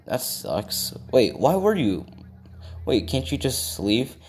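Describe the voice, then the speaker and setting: A man voicing a calm, curious teenage boy in his own plain, hesitant voice. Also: mid-range voice, takes it slowly, full character voice. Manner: plain, hesitant delivery with fillers.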